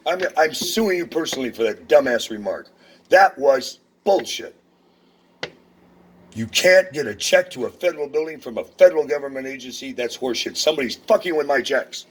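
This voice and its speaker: At a social security office inside a federal building, a man argues angrily at the counter and on the phone, swearing as he goes. His medium-pitched voice has lively intonation, a moderate pace, and a breathy edge.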